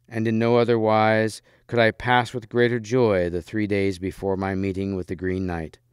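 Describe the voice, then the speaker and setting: A man's voice: lowish voice, flat delivery, moderate pace, smooth, dry recording, clean studio sound, close to an everyday voice. A man reading the part of a courteous young knight who speaks in earnest, formal old-fashioned phrasing. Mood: earnest courtesy.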